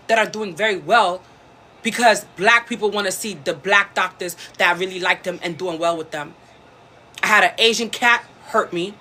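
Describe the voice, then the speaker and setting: A woman's voice: mid-range voice, bright, forceful tone. A woman hosting a casual livestream from a rehab nursing home room, speaking bluntly and heatedly and talking back to her viewers. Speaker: livestream host. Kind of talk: casual livestream rant to commenters.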